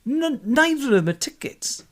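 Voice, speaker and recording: A man's voice: very high-pitched, sing-song, normal speed, a bit bright. A man from Wales telling a detailed football anecdote in casual chat. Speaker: podcast co-host. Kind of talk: casual storytelling.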